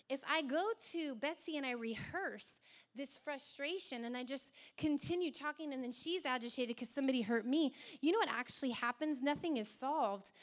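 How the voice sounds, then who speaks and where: A young woman with a high voice preaches a sermon. She is animated and slips into acted-out quoted voices along the way.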